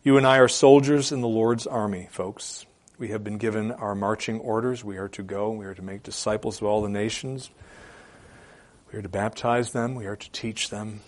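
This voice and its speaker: A man preaching from the pulpit in a fairly low voice. He drives his points home by repeating phrases. He rises to loud declarations, then drops to quiet, hushed appeals. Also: steady tone, normal speed. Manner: repeats phrases for emphasis with occasional filler hesitations. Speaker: pastor. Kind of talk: sermon.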